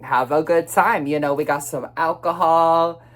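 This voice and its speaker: A young man chatting through a personal story in a casual vlog, rambling and swearing freely, quick to flare up. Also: on the high side. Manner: chatty and expressive, swears freely, flares up when retelling anger; rambling, restarts and many fillers.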